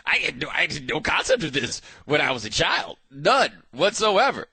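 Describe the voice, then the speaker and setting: A man hosting a sports talk show, riffing in a casual, animated way with frequent restarts. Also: on the high side, a little fast, few pauses, husky, no echo.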